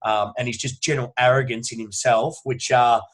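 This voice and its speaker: A man's voice: mid-range voice, steady tone, a little fast. An Australian man, a strength coach, talking in a casual podcast interview, swearing freely and telling long emphatic stories. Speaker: strength and conditioning coach, guest.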